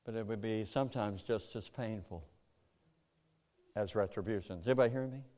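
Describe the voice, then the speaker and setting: A man preaching a sermon to a congregation, animated, jumping into loud, high acted-out voices. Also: fairly quick. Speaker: pastor.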